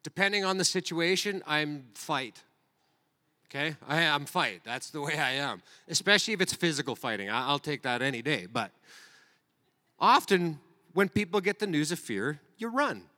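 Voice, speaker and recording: A man's voice: fairly high pitch, animated, brisk, sharp tone. A man preaching a sermon, reading scripture aloud and then speaking to the congregation in an earnest way. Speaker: pastor. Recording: reverberant hall.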